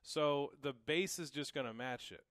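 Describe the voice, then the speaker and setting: A man's voice: a little high, moderate pace, very noisy. A young man giving a casual, encouraging drum lesson, explaining each pattern and counting it aloud. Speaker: drum teacher. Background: drum kit.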